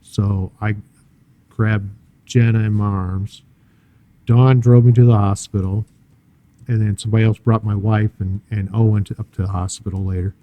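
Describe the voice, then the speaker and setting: An older man sharing a personal testimony in an interview, telling his story in an earnest, halting way with many fillers and restarts. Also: on the low side, level tone, mellow. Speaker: church guest sharing a testimony.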